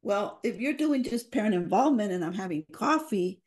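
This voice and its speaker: Mellow-voiced woman telling heartfelt stories. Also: mid-range voice, lively intonation, a little fast. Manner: earnest, emotional, acts out parents' voices with Spanish phrases. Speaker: family engagement program leader, guest. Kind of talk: heartfelt storytelling in a podcast interview.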